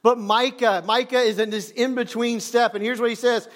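A male pastor preaching from the stage in a conversational way, with self-deprecating humor and slow, emphatic stresses on key words. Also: extremely high pitch, little pitch movement, fairly bright tone. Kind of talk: sermon. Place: church stage.

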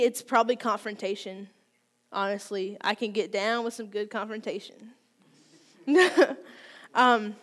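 A woman in her twenties preaches in a candid, conversational way, joking at her own expense as she talks through personal struggles. Her voice sits a little on the high side. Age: 20s. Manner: candid, self-deprecating, conversational. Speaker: youth speaker. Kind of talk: sermon.

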